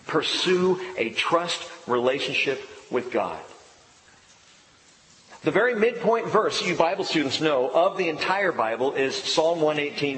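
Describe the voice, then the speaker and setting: A middle-aged man preaches with a lively, rising and falling delivery that leans on repeated phrases. His voice rings through a roomy hall with a long reverb tail. A faint murmur of ambience sits behind him. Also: medium pitch, a little hiss or hum. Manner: emphatic, repeats key phrases. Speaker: pastor. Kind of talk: sermon.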